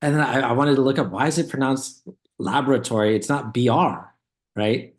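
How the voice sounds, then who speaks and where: A man's voice: mid-range voice, fairly quick. A laid-back man in a casual reaction chat who tells rambling stories and laughs often. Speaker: co-host.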